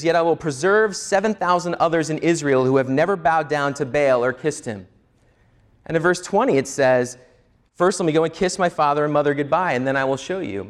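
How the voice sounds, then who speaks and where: A male pastor preaching a sermon, teaching earnestly and asking the listeners rhetorical questions. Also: a little high.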